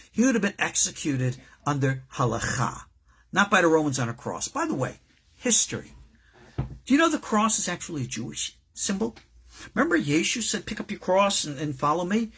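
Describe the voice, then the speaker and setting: A man with a deeply husky, raspy voice teaches as a rabbi, swinging his pitch widely from low murmurs to high stresses. He talks in a loose, conversational way, wandering off into asides and then hammering his points home. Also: a bit bright. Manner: emphatic, conversational, digressive. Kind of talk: informal recorded lecture.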